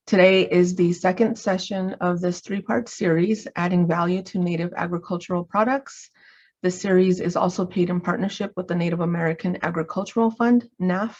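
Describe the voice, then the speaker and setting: A woman from New Mexico opens a webinar, reading announcements in an even, measured way. Her voice sits a little low, and the lo-fi call audio dulls its edges. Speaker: webinar host. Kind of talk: scripted webinar introduction.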